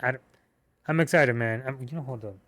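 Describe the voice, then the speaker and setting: A man giving a casual movie review, excitable and slangy, with cursing and rambling restarts. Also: medium pitch, brisk, dry recording.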